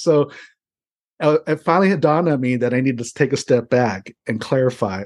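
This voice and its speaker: A man from the United States telling a story as an interview guest, chatty and animated. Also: fairly high pitch, moderate pace. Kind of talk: casual storytelling.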